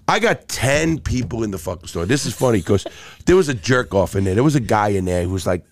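A man's voice: fairly low pitch, expressive, fast talker. A middle-aged man telling stories as a podcast guest, blunt and profane, with many restarts. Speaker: podcast guest, former jewel thief. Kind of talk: casual storytelling interview.

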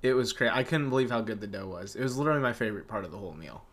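A man co-hosting a casual podcast, chatty and animated, laughing often as he tells stories. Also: on the low side, rapid-fire, a little hiss or hum. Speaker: podcast co-host. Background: dog whining.

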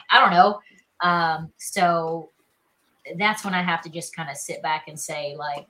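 A woman's voice: lowish voice, pushed and bright, poor audio. A woman in her thirties from South Carolina with a Southern accent, chatting as an interview guest with many "you know"s and "like"s. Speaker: actress guest. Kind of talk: casual interview chat.

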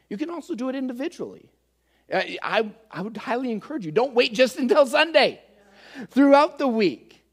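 A man preaching a conversational teaching sermon, earnest and speaking straight to his listeners as he explains word meanings. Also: extremely high pitch.

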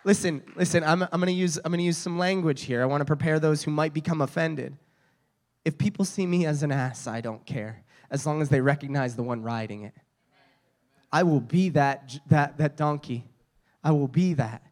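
A man's voice: on the high side, normal speed, darkish tone. A man preaching a sermon, telling stories with frequent restarts and repeated words.

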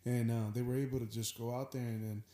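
Flat mellow male voice, echoey room. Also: medium pitch, fast. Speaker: podcast guest. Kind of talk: casual round-table chat. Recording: roomy echo.

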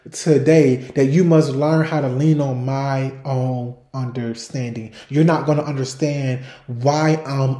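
A man hosting a faith podcast preaches emphatically and repetitively, restarting phrases as he builds his points in sermon-style talk. His voice sits on the high side with a dark tone, and the recording is reverberant.

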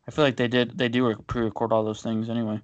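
A man's voice: mid-range voice, dry recording, dull audio. A man co-hosting a podcast, casually sharing baseball trivia with lots of fillers and an easygoing manner. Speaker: podcast co-host. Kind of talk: casual chat.

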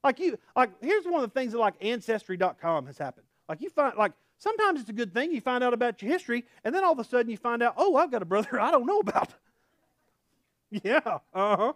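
A man with an Oklahoma accent preaching a casual, folksy sermon, his pitch swinging up and down with real animation. He drops into chatty asides and laughs at himself. The sound is close and dry, with no room echo. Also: big pitch swings, brisk, fairly bright tone. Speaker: pastor. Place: church sanctuary.

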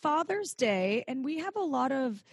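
A woman's voice: high-pitched, very animated, measured pace, gravelly, husky, dry recording, studio quality. A woman co-hosting a podcast in casual chat, making wry, teasing remarks. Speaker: podcast co-host.

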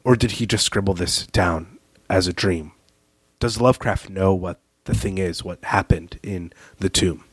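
A male podcast host with a low voice who discusses writing thoughtfully and often pauses to search for words. His tone is casual. The recording is dry and close. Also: slightly rough, no echo. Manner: thoughtful, hesitant, with fillers and laughs.

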